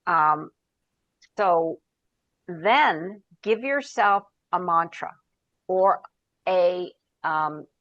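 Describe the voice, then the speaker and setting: Speaking as a founder and coach on an interview podcast, a woman tells stories and gives advice in a chatty way, sometimes hunting for words and quoting herself and others. Her lowish, fairly bright voice draws out words and leaves long pauses, and the dry recording has its highs cut off.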